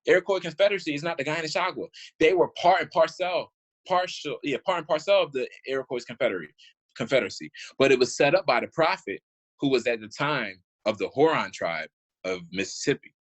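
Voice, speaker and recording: A man's voice: fairly high pitch, lively intonation, fairly quick, rough recording. A man doing casual, indignant commentary as he reads old documents aloud, rambling and restarting, with informal speech full of "y'all". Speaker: online commentator.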